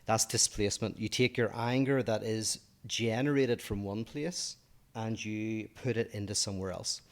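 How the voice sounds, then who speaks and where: A man co-hosting a podcast, thinking aloud about politics and philosophy, with many pauses and fillers. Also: lowish voice. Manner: thoughtful, hesitant, many fillers. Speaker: podcast co-host. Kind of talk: casual discussion of politics and philosophy.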